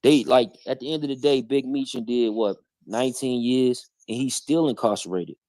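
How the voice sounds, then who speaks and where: A man's voice: medium pitch, moderate pace, dark tone, dry recording. A man hosting a live stream, bluntly challenging people in heavy street slang. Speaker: stream host. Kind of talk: heated live-stream commentary.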